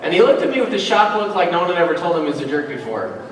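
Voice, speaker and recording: A man from Utah giving a motivational keynote talk to a convention audience, telling stories with a lively, conversational touch and acting out the dialogue. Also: high-pitched, very fast, heavy background noise. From Utah, USA. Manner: animated storyteller, acts out dialogue, conversational asides. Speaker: keynote speaker. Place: large convention hall, live audience. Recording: echoey hall from far off.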